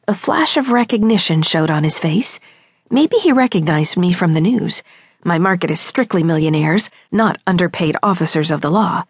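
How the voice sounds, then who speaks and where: A woman's voice: lowish voice, lively intonation, moderate pace, husky, no room sound. A woman narrating a comic mystery audiobook in the first person, with a wry, knowing storytelling manner.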